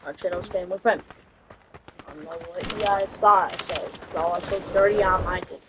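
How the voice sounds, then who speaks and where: A woman giving casual, slangy gameplay commentary as a streamer, swearing and reacting loudly to the game. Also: lowish voice, steady tone, normal speed, background noise. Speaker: gaming streamer. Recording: loud game gunfire behind the voice. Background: game gunfire and shooting sounds.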